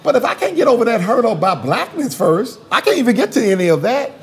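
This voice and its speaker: A man's voice: very high voice, big pitch swings, fast talker. A man, a theologian guest in a conversational interview, talking emphatically and repeating phrases for rhythm.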